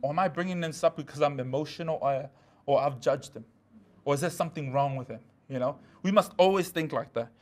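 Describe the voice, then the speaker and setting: A man's voice: a little high, fairly quick, darkish tone. A man preaching a midweek sermon in a church, talking casually with slang and asides.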